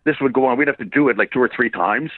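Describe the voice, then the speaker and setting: An older man tells stories in a loose, rambling way, laughing and cursing as he goes. His voice tires fast. The sound is thin and boxed in, like a phone call with no room around it. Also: medium pitch, no echo. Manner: rambling, laughing, swears freely. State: gets hoarse quickly. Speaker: voice actor interviewee. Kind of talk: casual phone interview. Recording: tinny phone-line sound, dry.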